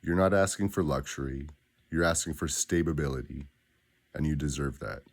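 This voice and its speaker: With a bass voice, a man guides listeners through spoken daily affirmations. His delivery is slow, deliberate and grounded, with pauses between phrases.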